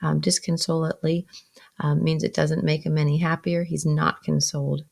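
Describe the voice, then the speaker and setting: Woman teacher reading a book out loud, a bit gravelly, pauses to explain words. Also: sits low, flat delivery. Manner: explanatory, hesitant with ums. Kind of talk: reading aloud with vocabulary notes.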